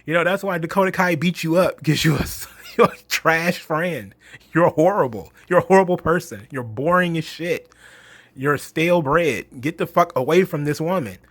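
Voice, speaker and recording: A man's voice: fairly high pitch, moderate pace, fairly bright tone, no room sound. A man ranting in a mocking, exasperated, profane monologue about wrestling. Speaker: wrestling commentary host.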